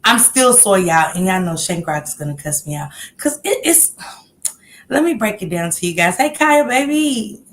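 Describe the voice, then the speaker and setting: A woman's voice: medium pitch, expressive, moderate pace, a little hiss or hum. A woman hosting a casual livestream, a little out of breath as she chats and greets viewers one by one with upbeat calls. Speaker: livestream host.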